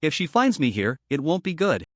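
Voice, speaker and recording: A man reading the lines of a shy young woman in love, in a soft, pleading way. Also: on the high side, sing-song, moderate pace, dry recording, studio quality.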